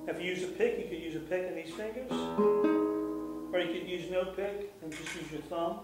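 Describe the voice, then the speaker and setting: A man teaching jazz guitar rhythm, explaining calmly with fillers and scatting the beats aloud. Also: high voice, moderate pace. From United States. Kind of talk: instructional guitar lesson. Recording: echoey room, mic at a distance, guitar playing.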